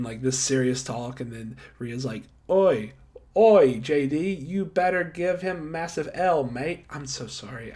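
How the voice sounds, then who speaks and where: A young man casually recapping a wrestling episode and giving star ratings, chatty and self-deprecating, laughing at himself often. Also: medium pitch. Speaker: wrestling show reviewer.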